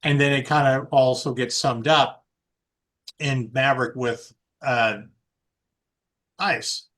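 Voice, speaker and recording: A man's voice: medium pitch, steady tone, slow, pauses often, a bit bright. Guy cohosting a podcast, rambles, lots of ums and restarts. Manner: rambling, many fillers and restarts. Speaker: podcast co-host. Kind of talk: casual chat.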